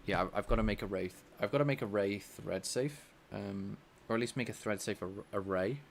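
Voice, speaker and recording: A man with a slightly nasal voice, thinking out loud as he codes live and talks to his chat. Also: on the low side, brisk, vocal fry, slight background noise. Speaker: game developer streaming his coding. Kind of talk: casual live-coding chat.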